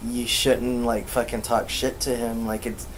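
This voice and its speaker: A man's voice: medium pitch, unhurried, slight background noise. A man, a podcast host, casually telling a ghost story with heavy swearing and acting out the quoted dialogue. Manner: profane, animated, acts out quoted dialogue.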